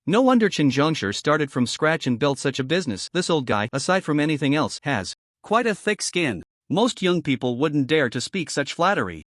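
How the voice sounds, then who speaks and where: A man narrating a story recap in a lively, expressive scripted reading. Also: a little high, no echo, studio quality.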